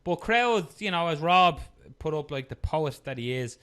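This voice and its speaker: A man with an Irish accent co-hosting a casual fight-sports podcast, swearing freely and slipping into quick impressions. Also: fairly high pitch, smooth. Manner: swears freely, animated, mimics people in quotes. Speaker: podcast co-host. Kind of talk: casual chat.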